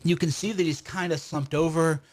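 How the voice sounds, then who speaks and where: A man's voice: a little high, fairly even intonation, moderate pace. A man hosting a livestream commentary, combative and full of rhetorical questions and restarts. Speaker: commentator and host of his own stream.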